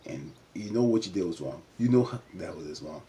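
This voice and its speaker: A man giving a casual recap of a reality show episode, chatty and full of "you know" fillers, jumping up in pitch whenever he acts out what the cast said. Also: expressive, fairly quick, warm tone.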